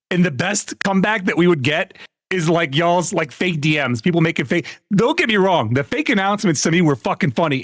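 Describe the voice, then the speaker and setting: A man's voice: high voice, no echo, studio quality. A man on a live stream telling gaming stories in casual chat, swearing often and laughing between lines. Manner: animated storytelling, swearing, frequent laughter.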